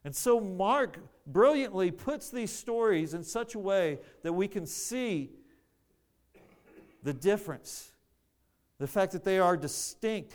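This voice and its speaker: A man preaching a sermon, earnest, often repeating words as he searches for the phrasing. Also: high-pitched.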